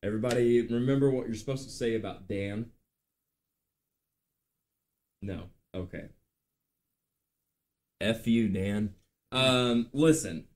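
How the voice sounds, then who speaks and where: Guy late 30s hosting a live chat show, rambling animated stories, average pitch. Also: unhurried, long pauses. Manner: chatty, animated storytelling with filler words. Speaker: podcast host. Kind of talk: casual live-stream chat.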